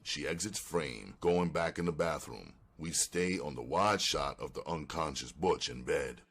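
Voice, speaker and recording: A man narrating the stage directions of a screenplay in a slow, measured, flat delivery. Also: rumbling low, husky.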